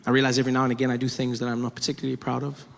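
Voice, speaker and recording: A man performing a stand-up comedy set, animated and laughing as he tells his stories. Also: mid-range voice, racing, creaky. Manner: animated, laughing, shifts into voices. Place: live comedy stage. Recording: echoey live venue, faint noise.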